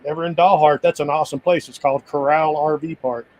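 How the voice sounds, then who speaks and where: A man chatting casually on a live video call, his voice sitting a little high. He rambles through his stories with easy restarts and small asides. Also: steady tone, fast, a little mellow, slight background noise, rough recording. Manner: rambling, restarts often, easygoing storytelling. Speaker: full-time RVer guest. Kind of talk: casual chat.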